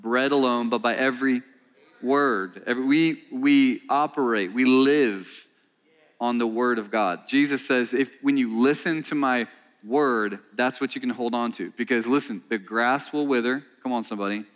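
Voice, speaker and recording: A male pastor preaching a sermon in a church, animated and conversational, repeating himself and calling out to his congregation. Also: mid-range voice, normal speed. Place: church sanctuary.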